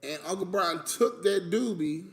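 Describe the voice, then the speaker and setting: High-voiced man ranting about family. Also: unhurried. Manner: animated, emphatic, recounting family arguments. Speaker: streamer in a played clip. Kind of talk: casual storytelling rant.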